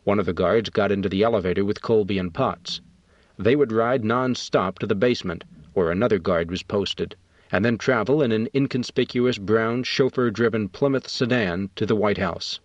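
A man narrates an audiobook in a measured, matter-of-fact way. His voice is low. The recording is dull and very dry. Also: no room sound.

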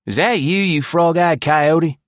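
A man's voice: a little high, a little slow, no room sound, studio quality, voice pushed up, lightly acted. A man voicing a starved, desperate male American prisoner who snarls and stammers. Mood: snarling.

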